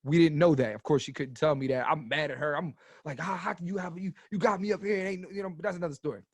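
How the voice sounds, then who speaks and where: A man in his thirties, a comedian guest telling stories on a podcast in a casual, animated way, swearing freely and getting loud as he goes. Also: fairly high pitch, fast, slightly rough, dry recording, studio quality. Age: 30s.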